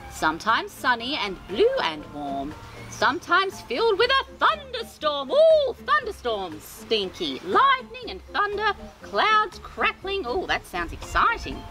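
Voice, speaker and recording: A woman reads a children's storybook aloud at an unhurried pace, her voice riding high and swooping all over the place. She breaks off for gentle, sympathetic asides. Music plays clearly underneath. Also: low-quality recording. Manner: expressive, sing-song reading with gasps of sympathy. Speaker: storytime host. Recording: reading over background music.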